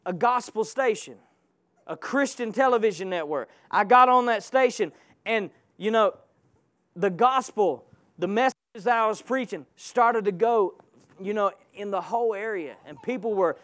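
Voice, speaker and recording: High-voiced preacher man, impassioned. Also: lively intonation, moderate pace, fairly bright tone. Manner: impassioned, calls out to the congregation. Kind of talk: sermon.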